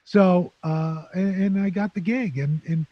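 An older man from New City, a guest telling lively anecdotes in an interview. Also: high voice, unhurried, no room sound, lo-fi sound. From New York City. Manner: animated anecdotes with playful character voices. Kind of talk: storytelling interview.

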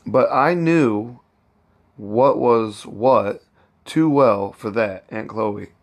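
An eager young boy, the son of a master, teasing his old cook, read by a man in close to his own voice. The lines come slowly, in a plain and slightly raised tone. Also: mid-range voice.

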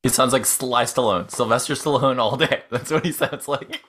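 A man's voice: medium pitch, normal speed, fairly bright tone. A man playing a tabletop game who banters wryly and complains. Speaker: player. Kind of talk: casual tabletop game chat.

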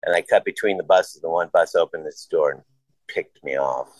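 A man's voice: sits low, normal speed, darkish tone, no room sound, low-quality recording. A man casually telling rambling, profane stories and acting out the dialogue. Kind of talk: casual conversation.

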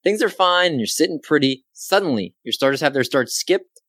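A man's voice: on the high side, animated, a bit bright, no room sound. Guy doing a solo sports podcast, upbeat and jokey, dry close sound. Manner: upbeat, self-deprecating, quick asides. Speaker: podcast host.

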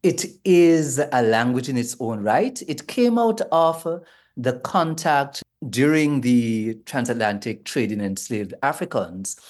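A man with a Jamaican accent, a linguistics lecturer being interviewed remotely, explaining in a measured way. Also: medium pitch, a little mellow.

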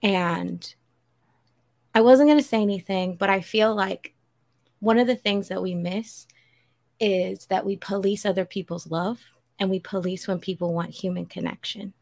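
A woman speaks with earnest conviction, like a preacher addressing the audience of a chat podcast. Her voice carries a noticeable gravelly fry. She speaks at a middling pitch and often quotes scripture. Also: steady tone, normal speed, darkish tone. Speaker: podcast regular. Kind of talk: heartfelt spiritual appeal.

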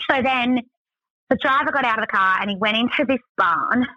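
An Australian woman tells a story in a loose, chatty way, dropping "like" into most sentences. Her voice is bright and sits a little high. The sound is dull and dry, with no room echo. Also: moderate pace. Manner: chatty, many "like" fillers. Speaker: guest. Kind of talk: casual storytelling.

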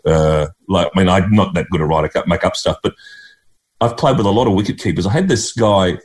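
A man's voice: low voice, brisk. A middle-aged Australian man from Queensland, a guest telling rambling, chuckling anecdotes and mimicking people in a casual interview.

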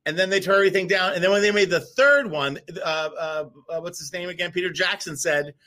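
A man co-hosting a live talk show, telling a long story in a rambling, animated way with many restarts. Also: high-pitched, brisk. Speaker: co-host. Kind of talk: casual storytelling chat. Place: before a live audience.

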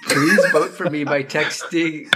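A man voicing a goofy male talent show contestant who begs for votes, reading slowly and breaking into laughs. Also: on the high side, fairly even intonation, bright, forceful tone, slight background noise, low-quality recording.

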